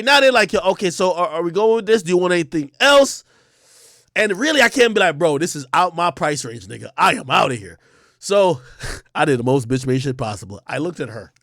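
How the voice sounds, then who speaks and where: A man's voice: high voice, a bit bright, no room sound, studio quality. A man streaming and telling a long profane story, laughing often and acting out each side of the conversation. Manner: profane, laughing, acts out both sides of the dialogue. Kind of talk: animated storytelling on a livestream.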